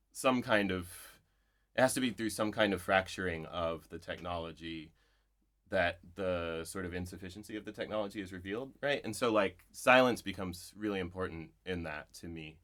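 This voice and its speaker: Low-voiced guy, a poet chatting at a bookshop event, kinda rambly and reflective, keeps saying like and right. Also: a bit bright. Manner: thoughtful, digressive, full of "like" and "right?". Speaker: poet, interview guest. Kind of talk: live conversation at a bookshop event.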